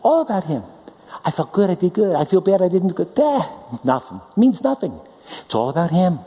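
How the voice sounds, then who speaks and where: Animated preacher man in reverberant hall. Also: brisk. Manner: animated, swings between loud high declaiming and low quiet asides. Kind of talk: sermon.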